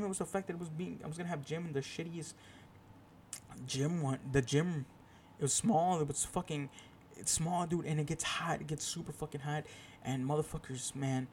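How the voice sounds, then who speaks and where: A man's voice: on the high side, a little mellow, a little hiss or hum. A young man hosting his own podcast, telling a rambling, profane, self-deprecating story in a casual solo chat. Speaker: podcast host.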